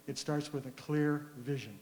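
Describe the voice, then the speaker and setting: A man's voice: mid-range voice, a little mellow, a little hiss or hum. Earnest man in an echoey hall. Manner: earnest and deliberate, with frequent fillers. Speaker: community member giving public comment. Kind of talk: public comment at a community listening session. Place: large school hall.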